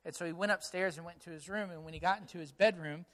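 A male pastor delivers a sermon in a high, bright, forward voice. He sounds earnest and conversational, drawing on stories from his own family. He drives his points home by repeating key phrases. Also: fast talker.

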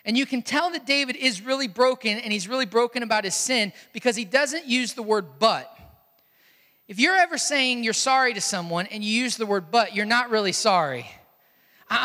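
Bright high-voiced preaching man, hall reverb. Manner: earnest, repetitive preaching with emphatic pauses. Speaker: pastor. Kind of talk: sermon.

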